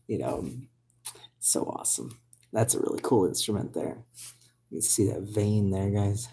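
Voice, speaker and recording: Husky, dark-voiced man rambling on a livestream. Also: fairly low pitch, huge pitch swings, normal speed. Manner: rambling, hesitant, reads out viewer comments. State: voice recovering from hoarseness. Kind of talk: casual live stream chat.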